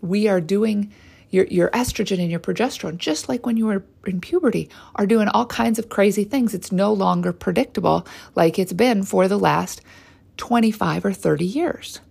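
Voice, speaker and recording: Gravelly, husky woman telling her story. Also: mid-range voice, moderate pace, a little mellow. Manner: candid, conversational, with frequent "right?" asides. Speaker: hormone specialist and trainer. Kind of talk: personal story talk.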